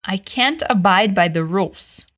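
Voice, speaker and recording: A woman leads an English lesson in a mid-range voice. She models each sentence slowly and with care, then prompts the listener to repeat it after her. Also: mid-range voice, expressive, fairly bright tone. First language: Brazilian Portuguese. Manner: slow, carefully enunciated model sentences. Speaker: English teacher.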